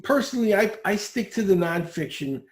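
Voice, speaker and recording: High-voiced man in an echoey room. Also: lively intonation, fairly quick. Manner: gives step-by-step instructions, direct and upbeat. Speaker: podcast guest teaching speed reading. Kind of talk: instructive podcast interview.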